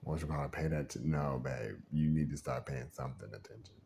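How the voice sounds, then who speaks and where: A man's voice: a bass voice, a little fast, creaky, a little hiss or hum. A man venting in a casual monologue, rambling and frustrated, acting out the voices he quotes. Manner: animated, acts out quoted voices, frequent laughs.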